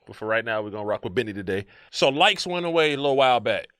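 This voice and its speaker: A man co-hosts a relaxed podcast conversation, his voice bright and swinging widely in pitch. He laughs often and keeps things moving. The recording is close and dry, made in a studio. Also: quick pace, clean tone, no echo. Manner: animated, laughing often, hype intro delivery. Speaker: podcast co-host. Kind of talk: casual chat.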